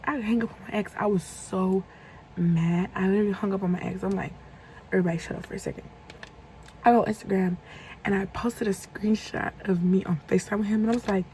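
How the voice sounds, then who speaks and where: A young woman telling a casual storytime vlog, animated and profane, acting out heated quotes. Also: mid-range voice, slight background noise, poor audio. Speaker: vlogger.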